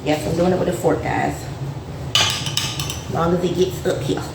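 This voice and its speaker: A woman's voice: on the low side, steady tone, a little slow, gravelly, far from the mic. A woman hosting a casual home cooking livestream, chatty and upbeat as she plates food for viewers. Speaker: host of a home cooking show. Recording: echoey room, voice off mic, faint noise.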